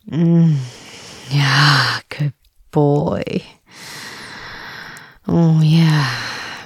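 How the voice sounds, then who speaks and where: A possessive, domineering captor, played by a young woman, speaks in a whispered role-play, husky and gravelly. She drawls very slowly with soft laughs and hums, her voice sitting low and close in a dry, dead room. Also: no room sound, heavily acted.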